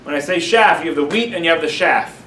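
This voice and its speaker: Speaking quickly in a high voice, a man playing a rabbi delivers an energetic class lecture, acting out his examples for the room. He seems slightly far from the mic, with a clear room echo and faint background noise beneath him.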